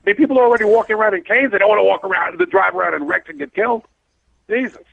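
Talk radio host, New man, blunt rambler, slightly high voice, tinny dry phone-like audio. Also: rapid-fire, creaky, no room sound. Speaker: radio show host and cab driver.

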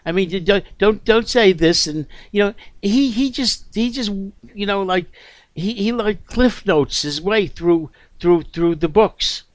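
A man speaking as a guest on a talk show, emphatic and halting, full of fillers. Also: high voice, no room sound. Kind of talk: casual talk show discussion.

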